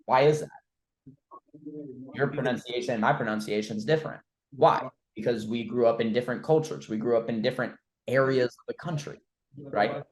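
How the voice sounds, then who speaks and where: A man leading a sales training session, quizzing his trainee and demonstrating changes of pace and loudness as he teaches. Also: mid-range voice, a little fast, pauses often, reverberant, low-quality recording. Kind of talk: coaching session on voice tonality.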